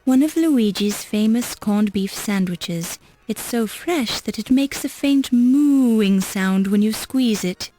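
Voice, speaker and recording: A wry game narrator with a mellow, warm tone and a slightly raised pitch, describing objects in a dry, matter-of-fact way. Faint music plays underneath. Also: female voice, animated, slow pace, few pauses.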